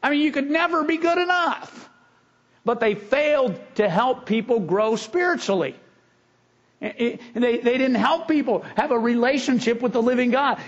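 A man's voice: high-pitched, highs cut off. A man preaching a sermon as pastor, earnest and conversational, with frequent restarts.

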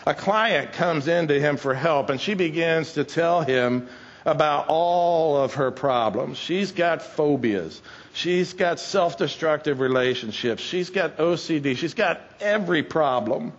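A man's voice: a little high, measured pace. A man preaching a sermon in a conversational, folksy, wry way. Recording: dull lo-fi sound.

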